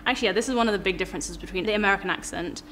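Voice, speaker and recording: A woman's voice: medium pitch, rapid-fire, a bit bright, a little hiss or hum. A woman with a Southern English received pronunciation accent, coaching pronunciation in a casual chat, giggly and encouraging. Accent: Southern English, near received pronunciation. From England.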